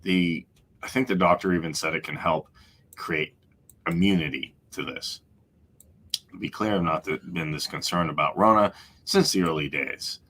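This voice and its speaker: A man's voice: low voice, normal speed, a bit bright, slight background noise. A man hosting a podcast, giving emphatic opinion commentary that repeats its points, with mocking asides. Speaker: podcast host.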